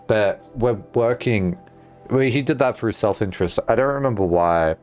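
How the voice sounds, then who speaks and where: A man's voice: lowish voice, normal speed, a little mellow, soft background music. A man streaming a game, musing aloud in casual chat and swearing freely. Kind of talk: casual livestream chat while gaming.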